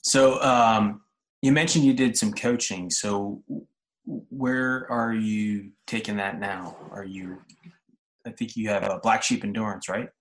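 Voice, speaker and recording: Male podcast host, slightly low voice, easygoing interviewer. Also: steady tone, measured pace. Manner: brief affirming interjections, friendly questions. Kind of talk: casual interview.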